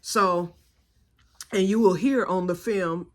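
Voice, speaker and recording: A woman hosts her own channel and tells a long story straight to her viewers. She talks in a loose, chatty way with laughs and keeps calling them y'all. Her voice sits at a middle pitch. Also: slow. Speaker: channel host. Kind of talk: casual storytelling vlog.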